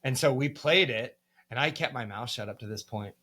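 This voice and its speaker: Heard first is a candid, cursing man with an ordinary, middle-pitched voice. He is from the United States. He talks through his music career in a loose podcast chat, with lots of likes and ums. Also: normal speed, bright, forceful tone. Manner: candid and profane, with many fillers. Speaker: band musician, guest. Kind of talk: casual podcast storytelling.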